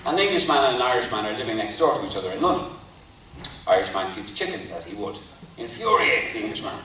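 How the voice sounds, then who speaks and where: A male lecturer talks through an academic point, pausing wryly before his punchlines. He sounds distant from the microphone, with heavy hall reverb and a faint hum of room ambience. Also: lowish voice, big pitch swings, pushed and bright. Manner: wry, deliberate, builds to punchlines. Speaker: university lecturer. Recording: echoey hall from far off.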